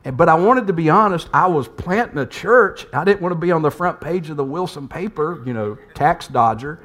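Male pastor, earnest storytelling preacher with emphatic repetition and a somewhat high voice. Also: expressive, brisk, fairly bright tone. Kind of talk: storytelling sermon.

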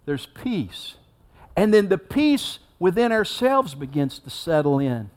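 A man's voice: high-pitched, big pitch swings, slow pace. A man giving a sermon as a pastor, preaching in a conversational way and acting out the story with rising intensity.

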